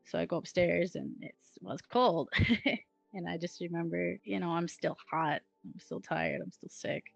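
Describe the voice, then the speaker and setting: Woman, lowish gravelly voice, casual chatty storyteller, giggles, dry close sound. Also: normal speed, no echo, dull audio, soft background music. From Wisconsin, USA. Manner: chatty, many "like" fillers, giggles often. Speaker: guest telling her near-death experience. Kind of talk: casual first-person storytelling.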